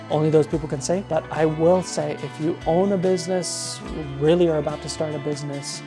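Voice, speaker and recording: A man recapping an event casually in a vlog, rambling with lots of fillers. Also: fairly high pitch. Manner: rambling, filler-heavy, quotes others in his own voice. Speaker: vlogger.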